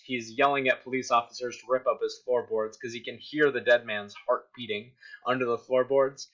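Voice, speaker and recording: A man's voice: medium pitch, fairly bright tone. A male teacher giving a recorded literature lesson, explaining step by step and checking in with "right?". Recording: dull lo-fi recording.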